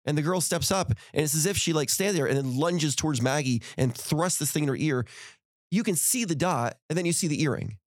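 A man's voice: fairly high pitch, brisk, no room sound, studio quality. A middle-aged man hosting a podcast, telling a story in casual conversation and acting out heated quotes. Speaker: podcast host.

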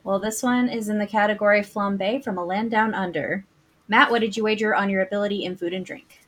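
A woman's voice: medium pitch, fairly even intonation, fairly quick. Woman, trivia host, playful, teasing, reads questions. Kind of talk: reading trivia questions and running a game.

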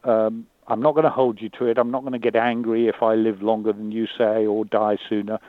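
A man talking candidly and thoughtfully, often pausing and repeating words as he searches for them. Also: lowish voice, level tone, no room sound. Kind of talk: candid conversation. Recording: dry tinny phone-like line.

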